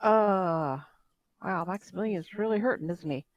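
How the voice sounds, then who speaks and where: A woman in a tabletop game talks in a tentative, gentle voice of middle pitch. Her sound is dry and close, as over a voice call. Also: normal speed, no echo, highs cut off. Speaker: player. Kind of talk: casual tabletop play.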